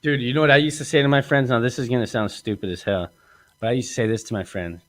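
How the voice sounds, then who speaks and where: A podcast host with a mid-range voice talks fast in a comedic storytelling chat, recorded with no room sound. He's boastful and animated, acting out quotes and laughing often as he tells his stories.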